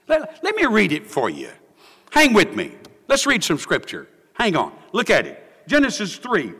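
A man's voice: high voice, huge pitch swings, moderate pace, sharp tone, breathy edge, big-room sound. A man preaching a sermon, dramatic and emphatic, repeating lines for effect.

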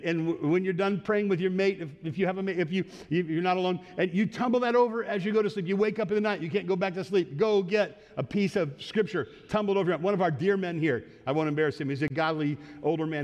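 A pastor preaching an earnest sermon, dropping low and soft for quoted words and rising for exhortation. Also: male voice, fast talker, hardly any pauses, dull audio. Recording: long hall reverb.

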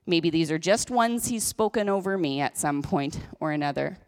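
A woman's voice: low-pitched, lively intonation, moderate pace, clear, resonant tone. A woman pastor preaching a sermon in a church, conversational and chatty, with self-deprecating asides. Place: church sanctuary. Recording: echoey church hall.

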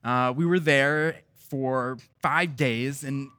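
A man preaching a sermon as pastor, asking repeated rhetorical questions and swinging between loud, emphatic stretches and soft, quiet ones. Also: mid-range voice, slow, no echo, clean studio sound.

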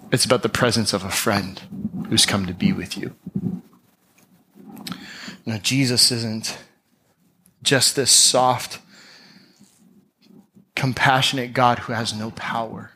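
A man's voice: medium pitch, bright, forceful tone, a little hiss or hum. A man preaching a sermon, telling a Bible story with drama and acting out the scenes. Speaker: pastor.

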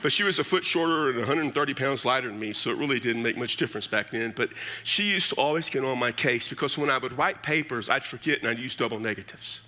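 A man's voice: mid-range voice, fast, hardly any pauses. A middle-aged man preaching a sermon as pastor, telling stories with casual asides. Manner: animated storytelling with casual asides.

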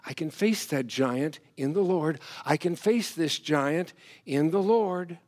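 A man preaching a sermon as pastor, animated, swinging from loud emphasis to hushed asides. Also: fairly high pitch, slow pace.

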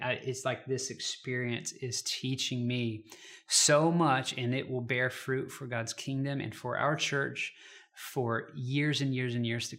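A man speaking as a pastor, reading scripture and then sharing a personal story in a gentle, reflective way. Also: mid-range voice. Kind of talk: devotional sermon.

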